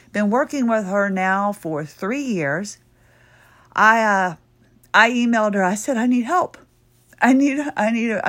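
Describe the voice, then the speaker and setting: Chatty woman host losing her voice. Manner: bubbly, chatty and rambling, with sudden high excited bursts. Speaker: podcast host. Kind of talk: casual solo podcast talk.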